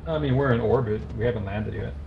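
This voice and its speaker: A man's voice: medium pitch, fast talker, creaky, highs cut off. A man in casual game voice chat who checks the plan and gives his friends directions. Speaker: gamer. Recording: noisy game audio behind voice chat.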